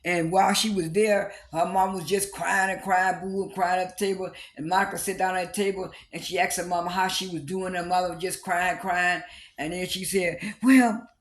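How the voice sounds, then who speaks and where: A man recapping a reality TV episode in a casual, halting way, with lots of fillers and repeated restarts. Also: little pitch movement, a bit bright. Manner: briefly acts out quoted cast lines with raised pitch.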